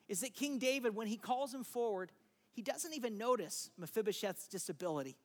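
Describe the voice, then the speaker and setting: A preacher retells a scripture story in an easygoing, chatty sermon. The voice sits in an ordinary middle pitch, and the delivery keeps inviting listeners in with quick asides. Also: fairly bright tone.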